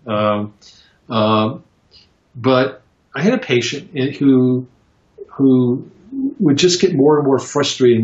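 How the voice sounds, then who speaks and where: A man answering interview questions about psychotherapy in a halting, reflective way, with many fillers and restarts as he tells stories. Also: medium pitch. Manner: reflective storytelling. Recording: roomy, dull lo-fi sound.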